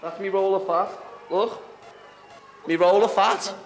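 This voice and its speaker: Cocky and full of banter, a young Liverpudlian MMA fighter fields casual interview questions and says "lad" constantly. He speaks in a high, steady voice, a little slowly.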